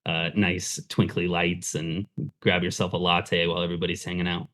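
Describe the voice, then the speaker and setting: Low-ish guy from socal chatting about his past, lots of likes and uhs. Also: completely flat delivery, moderate pace, fairly bright tone. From Southern California. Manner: candid, conversational, many fillers. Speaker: pastor and fundraising consultant, guest. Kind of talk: casual interview storytelling.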